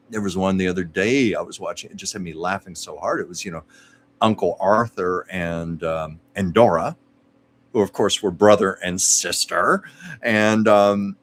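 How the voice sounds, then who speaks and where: A man's voice: on the low side, a little hiss or hum. A man hosting a livestream, reading out viewer comments and reminiscing about old TV shows in a chatty way, laughing often. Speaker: livestream host.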